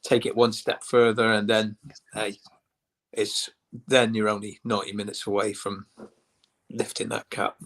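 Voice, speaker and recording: A man's voice: on the low side, little pitch movement, unhurried, long pauses, fairly bright tone. An older man joining a fan livestream as a guest, talking in a hearty, matey way. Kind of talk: casual livestream chat.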